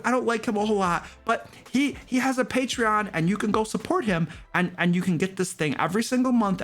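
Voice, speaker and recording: Goofy, fretful barbarian, played by a man, stammers and rambles as a comic stream host over soft music. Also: high voice. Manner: stammering, repeats words, fretful. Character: goofy, rambling male barbarian, defensive and self-pitying. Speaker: stream host in a character persona. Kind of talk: comedic live-stream chat in character.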